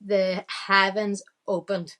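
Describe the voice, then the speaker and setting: A woman's voice: medium pitch, level tone, slow, a bit bright. A woman with a Northern Irish accent, a podcast guest telling a story casually, quoting her own thoughts and laughing often.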